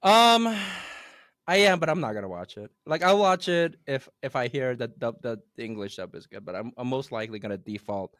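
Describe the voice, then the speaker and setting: A man's voice: mid-range voice, expressive, fairly quick, fairly bright tone, dry recording, studio quality. A young man co-hosting a casual podcast, joking, laughing often and stubbornly defending his view. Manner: playful, laughs often, swears, argues stubbornly. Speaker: podcast co-host. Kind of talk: casual banter.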